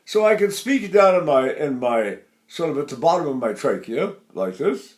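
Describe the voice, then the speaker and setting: A man's voice: fairly high pitch, very animated, normal speed. An older man, a voice teacher, explaining singing technique and breaking into sung and spoken vowel demonstrations.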